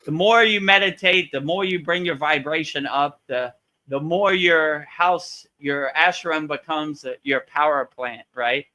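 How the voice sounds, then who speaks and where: A man's voice: on the high side, bright, forceful tone. A man hosting a live spiritual Q&A, chatting casually and animatedly, acting out quotes and laughing often. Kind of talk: live Q&A chat, storytelling.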